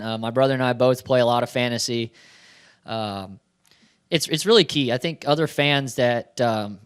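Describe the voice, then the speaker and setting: A man's voice: mid-range voice, smooth. A man, a race car driver, answering questions at a press conference in a chatty storytelling way, acting out bits of dialogue.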